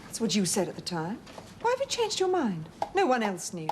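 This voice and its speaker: An anxious, earnest wife, pressing her point with feeling. Her mid-pitched voice swings expressively, with faint ambient noise behind. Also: wildly swooping pitch, fairly quick. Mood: troubled. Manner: earnest, emotional, insistent. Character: anxious wife, troubled by past betrayal.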